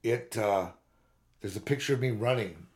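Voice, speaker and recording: A man's voice: on the low side, moderate pace, a little mellow. A man in his fifties on a podcast, telling long, rambling, profane stories in casual chat. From Southern California. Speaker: podcast co-host.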